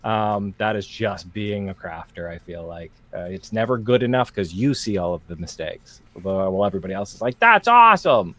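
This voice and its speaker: A young man co-hosting a crafting livestream, chatting casually in a jokey, animated way with frequent restarts. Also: deep voice, moderate pace, hardly any pauses, no room sound.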